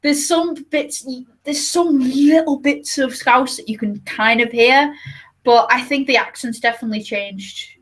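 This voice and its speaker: Woman, northern English accent, higher pitch, giggly, casual stream chat. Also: measured pace, fairly bright tone. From north of England. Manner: giggly, puts on local voices mid-story. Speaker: stream guest.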